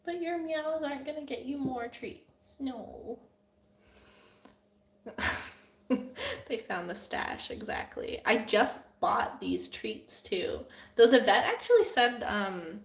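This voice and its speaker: A woman's voice: fairly high pitch, echoey room. A young woman, an artist hosting a live Q&A stream from home, chatting casually and giggling, with lots of "like" fillers. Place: at home with her cats. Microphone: camera on a desk.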